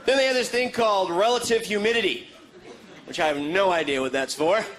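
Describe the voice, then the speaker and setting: A male stand-up comedian telling deadpan quips to a live audience. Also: high-pitched, a crowd in the background, noisy background. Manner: deadpan quips, quick jokes. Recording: live show with audience laughter.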